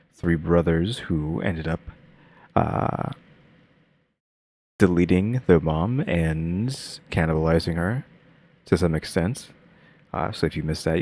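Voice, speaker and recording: Give me a deep-voiced man casually commentating a reaction stream, rambling and restarting. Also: vocal fry, darkish tone. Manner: rambling, many fillers and restarts.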